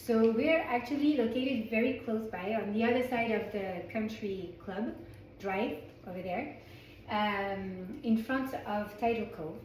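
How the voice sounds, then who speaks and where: A Frenchwoman with a French accent teaches an informal Torah class to a small group indoors, chatting and often correcting and restarting her sentences. Her voice sits on the high side with a slightly slow pace and a darkish tone. The classroom gives a roomy echo, with slight background noise.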